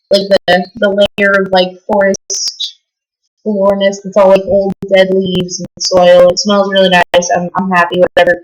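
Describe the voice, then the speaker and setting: A woman's voice: medium pitch, poor audio. Sick, cursing woman rambling a story. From Las Vegas, USA. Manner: profane, rambling, full of fillers. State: sick with a stuffy nose. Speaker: vlogger.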